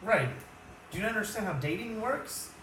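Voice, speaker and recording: A man's voice: high-pitched, lively intonation, moderate pace, a bit bright, slight background noise, voice pushed up. A man improvising an awkward young man on a date who talks in a hesitant, fumbling way. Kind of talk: improvised comedy scene. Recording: roomy, from a distance.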